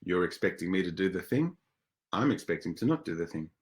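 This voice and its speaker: Very deep-voiced enthusiastic male presenter. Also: big pitch swings, brisk. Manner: enthusiastic, chatty, with frequent restarts. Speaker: webinar presenter. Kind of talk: conversational webinar talk.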